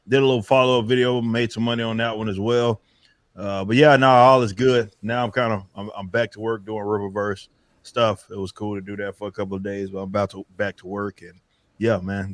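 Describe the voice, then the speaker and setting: A man speaking as a guest on a casual online panel chat, relaxed and blunt, laughing along. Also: lowish voice, a little fast, dry recording.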